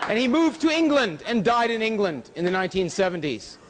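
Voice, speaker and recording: A man giving a public lecture with slides, emphatic, with pitch rising on key words. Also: big pitch swings, a little fast, noisy background. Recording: hall reverb from a lecture room.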